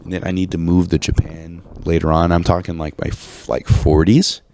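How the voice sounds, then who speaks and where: Low, gravelly-voiced podcast co-host. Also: male voice, moderate pace, slight background noise. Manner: crude, loose and excitable, swears often. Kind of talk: casual chat.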